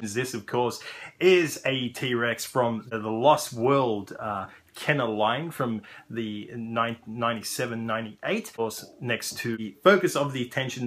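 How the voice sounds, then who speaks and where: A man's voice: medium pitch, fairly bright tone. An Australian man hosting a toy review vlog, ranting with profanity and exasperation.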